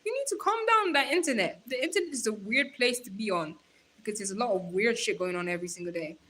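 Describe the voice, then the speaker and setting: Chatty, animated woman livestreamer. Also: on the high side, fast, slight background noise. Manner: animated, chatty, laughs often, teasing and advising viewers. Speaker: livestreamer reading chat. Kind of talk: casual livestream chat.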